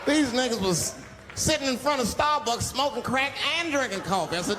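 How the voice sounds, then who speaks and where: A middle-aged man doing stand-up on a theater stage, telling stories animatedly and shouting some punchlines. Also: very high-pitched, brisk. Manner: animated storytelling, swings to loud shouted punchlines. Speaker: stand-up comedian. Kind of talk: stand-up comedy routine. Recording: big hall, loud crowd and noise. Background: audience laughter and applause.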